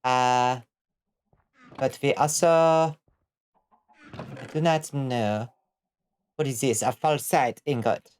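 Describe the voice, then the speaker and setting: A woman's voice: rumbling low, slow pace, pauses often, a little mellow, a little hiss or hum. An American woman streaming a game, giving casual commentary as she thinks aloud, bemused and swearing freely. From United States. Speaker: vtuber streamer.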